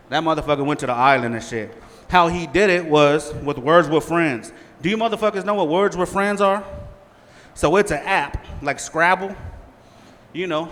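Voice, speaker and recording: Male comic in his forties, profane and rambling, raised pitch, long club reverb. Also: a bit bright. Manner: profane, rambling storytelling with many fillers. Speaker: stand-up comic. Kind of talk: stand-up comedy set. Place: small comedy club stage.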